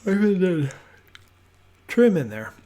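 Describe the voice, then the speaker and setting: A man giving a relaxed, rambling voiceover house tour from his home office, with many fillers and restarts. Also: high-pitched, unhurried. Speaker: homebuilding vlogger.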